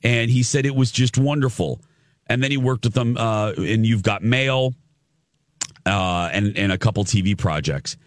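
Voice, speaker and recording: A man's voice: on the low side, lively intonation, normal speed, no room sound, clean studio sound. A man hosting an entertainment show, chatting casually and enthusiastically as he retells a celebrity encounter in a gushing, storytelling manner. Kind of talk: casual chat.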